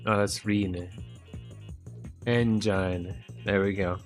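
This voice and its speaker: Soft music plays behind this man's lowish, slow-paced voice as he livestreams a game. His talk is loose and meandering, relaxed in tone, and he keeps tacking "eh?" onto the ends of his lines.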